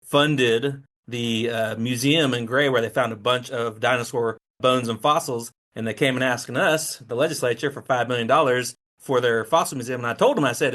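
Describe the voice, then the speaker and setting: A man's voice: medium pitch, normal speed, hardly any pauses, a bit bright. Assertive man hosting. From East Tennessee. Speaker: host. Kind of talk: interview conversation.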